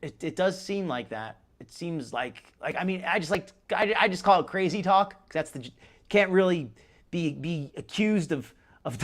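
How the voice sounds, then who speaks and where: A man's voice: fairly high pitch, fairly bright tone. A man hosting a live stream, commenting casually in a rambling way with many restarts. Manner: rambling, restarts a lot, chuckles. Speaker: host.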